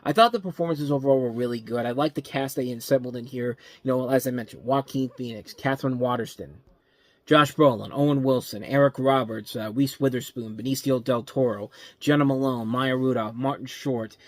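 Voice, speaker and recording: Male film-review host, casual, rambling, self-correcting, dry close sound, mid-pitched voice. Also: fairly quick, no echo. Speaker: movie review show host. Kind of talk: casual spoken movie review.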